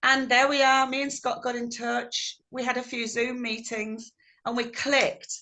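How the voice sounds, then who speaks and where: Speaking in a slightly high, leisurely voice, a middle-aged woman singer recounts stories in a video call interview. She is animated and warm, bringing quotes to life by acting them out.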